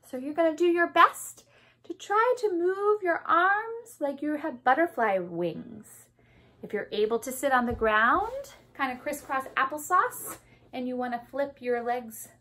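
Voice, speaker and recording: A woman music therapist leading a remote session for children, gently encouraging them through poses and songs. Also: a little high. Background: guitar music.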